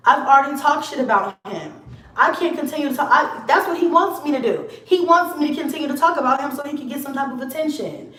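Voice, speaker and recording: Woman going off on camera, high voice, cussing and blunt, kinda far from the mic. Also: animated, fast, fairly bright tone. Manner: blunt, profane, confrontational. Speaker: vlogger. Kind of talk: casual rant to camera. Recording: echoey room, set back from the mic.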